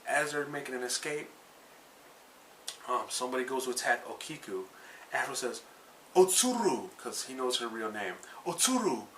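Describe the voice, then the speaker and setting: An anime reviewer recaps episodes in a loose, rambling way, cursing freely, using many fillers, and correcting himself as he goes. His mid-range voice is steady, pushed, and bright at a moderate pace with frequent pauses, on a slightly distant mic with faint background noise.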